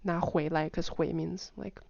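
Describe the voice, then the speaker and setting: A woman giving a casual explanatory lesson, demonstrating pitch with sung "da" syllables and quickly repeated words, chatty with frequent "like" fillers. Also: fairly even intonation, creaky, no room sound, dull audio. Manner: chatty, with many "like" fillers and soft asides. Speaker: language teacher.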